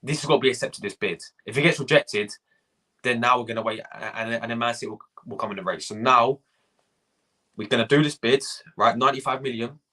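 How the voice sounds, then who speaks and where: Young guy ranting on a live stream, husky voice, swears a lot, keeps repeating himself. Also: mid-range voice, a little fast, sharp tone. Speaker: fan channel host. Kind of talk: live-stream rant reading chat.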